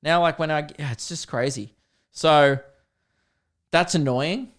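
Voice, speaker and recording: A young man hosting a podcast, ranting comically with lots of swearing, laughing and loud exasperated outbursts. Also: a little high, measured pace. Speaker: podcast host. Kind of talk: comedic rant.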